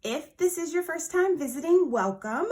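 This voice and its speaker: A planner vlogger chats casually through an unboxing at a moderate pace, bubbly and excitable. Her somewhat higher-than-average voice leaps up when she gushes over small surprises, and she sometimes drifts off-mic while handling items.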